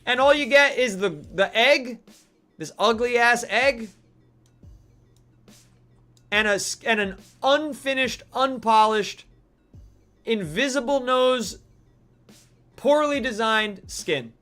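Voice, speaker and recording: A man's voice: high-pitched, sharp tone. A man hosting a live gaming stream, ranting animatedly and with mock outrage, chatting to viewers. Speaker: streamer host.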